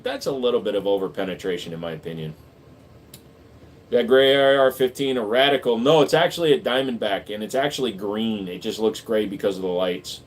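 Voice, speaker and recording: A man hosting a livestream, reading viewer questions aloud and answering them in an offhand, joking way. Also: medium pitch. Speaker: livestream host answering chat. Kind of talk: casual livestream chat.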